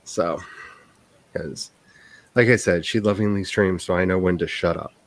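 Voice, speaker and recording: A man's voice: low voice, moderate pace. A man who writes books, hosting a casual stream chat in a rambling, self-deprecating way and laughing often.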